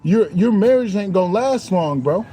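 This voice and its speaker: A man's voice: high-pitched, animated, normal speed, mellow, slight background noise. A young man in a casual spiritual rant as a streamer, preachy and repetitive, saying "bro" constantly.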